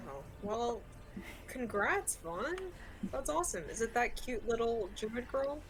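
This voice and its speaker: A woman chatting as a player in an online tabletop game, friendly and quick with questions. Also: fairly high pitch, animated. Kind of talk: casual chat in a tabletop game.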